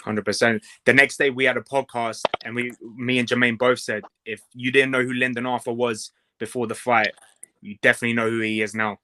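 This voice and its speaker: A man's voice: mid-range voice, level tone, brisk, background noise. A man hosting a boxing podcast, asking casual questions and agreeing eagerly with his guest. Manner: affirming, keeps saying hundred percent. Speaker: podcast host.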